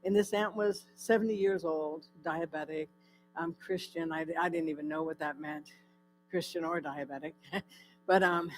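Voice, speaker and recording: Over soft background music, a woman with a fairly low voice gives her testimony as a guest at a church. She keeps a steady tone and moderate pace, speaking openly like she's telling a story, though the audio quality is poor.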